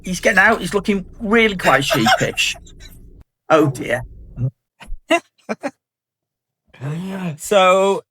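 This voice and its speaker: A man's voice: high-pitched, expressive, slow, pauses often, pushed and bright, slight background noise. A middle-aged man co-hosting a podcast in casual banter, joking and playing with words. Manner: playful, jokey, wordplay-loving. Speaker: podcast co-host.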